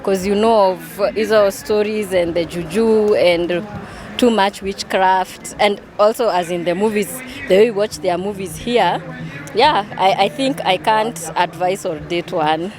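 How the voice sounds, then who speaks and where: Slow-spoken wary woman. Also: medium pitch, music in the background. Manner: hesitant, wary. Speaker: street interviewee. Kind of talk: street vox pop.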